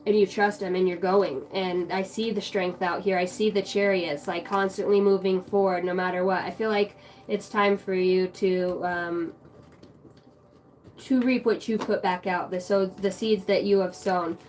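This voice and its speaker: A woman's voice: mid-range voice, fairly even intonation, normal speed, a little mellow. A woman giving a collective tarot reading on a livestream, talking in a loose, meandering way with casual swearing and many fillers. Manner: casual, meandering, swears freely, talks to chat. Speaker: tarot reader streaming live.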